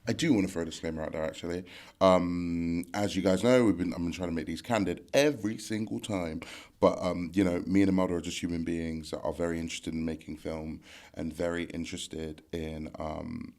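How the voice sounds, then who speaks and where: A young man co-hosting a casual podcast chat, rambling and relaxed, full of fillers. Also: sits low, a little fast. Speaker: podcast co-host.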